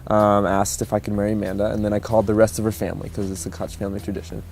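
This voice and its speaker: A man's voice: on the low side, flat delivery, racing. A young man in his twenties tells how he met and proposed to his fiancée, easygoing and chuckling, with many fillers. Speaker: groom-to-be telling his love story. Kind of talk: casual interview storytelling. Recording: soft music underneath.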